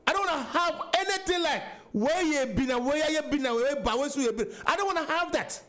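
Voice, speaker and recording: A man's voice: extremely high pitch, fairly bright tone. A Ghanaian man hosting a political talk radio show, giving an emphatic monologue that mixes English and Twi.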